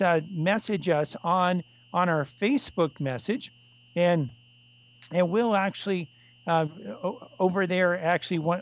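Male radio show host, fairly high voice, loose rambling delivery full of fillers. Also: low-quality recording. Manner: rambling, many restarts and fillers. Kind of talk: casual call-in radio talk.

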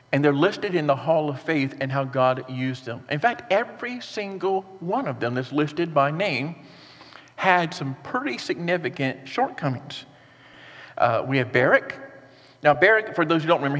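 A pastor preaching a sermon in an earnest, animated way, with rhetorical questions and repeated phrases. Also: male voice, fairly high pitch, in a large hall.

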